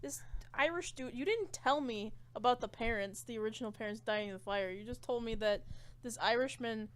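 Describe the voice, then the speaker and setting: High, teasing woman chatting. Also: brisk. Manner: teasing, laughs easily. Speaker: podcast co-host. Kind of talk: casual chat.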